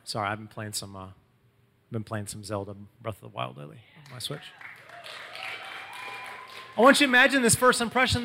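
A man preaching a sermon, telling the story in a lively, casual way and acting out quotes in everyday slang. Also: medium pitch, vocal fry, long reverb tail, a little hiss or hum. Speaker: pastor.

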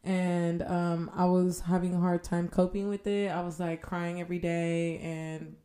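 A young woman co-hosting a casual podcast, speaking haltingly with deadpan jokes. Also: lowish voice. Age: young adult. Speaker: podcast co-host. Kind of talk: casual chat.

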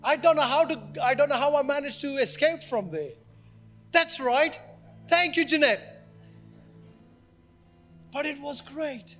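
A male pastor with a very high voice preaches at a church service, telling his story with lively energy. He acts out the voices of the people in the story as he goes. Soft music plays faintly behind him. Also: a little slow, long pauses. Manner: animated storytelling, acting out quoted speech. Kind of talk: sermon.

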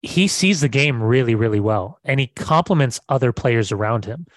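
A man's voice: mid-range voice, animated, normal speed, no room sound. An American man co-hosting a soccer podcast in a casual, enthusiastic chat, often repeating words as he restarts. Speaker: podcast co-host.

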